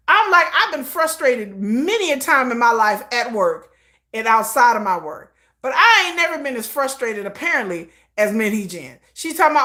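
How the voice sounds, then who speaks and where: A woman's voice: sits high, pushed and bright. A woman hosting a livestream in casual commentary style, talking bluntly and emphatically with slang and swearing. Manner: blunt, emphatic and opinionated, with frequent laughs; slangy and profane. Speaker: livestream host.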